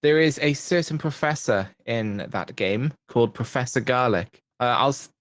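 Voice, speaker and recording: A man's voice: medium pitch, moderate pace, no echo. A man talking as a guest on a podcast, enthusiastic and rambling with many restarts. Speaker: podcast guest, content creator. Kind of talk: casual chat.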